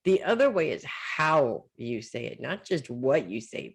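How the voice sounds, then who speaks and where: A woman's voice: a bass voice, sing-song, measured pace, vocal fry, breathy edge. A woman giving a weekly psychic reading as casual advice. She talks in a loose, reassuring way and keeps checking in with "okay?" and "right?". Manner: loose and informal, trails off with "blah, blah". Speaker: psychic reader.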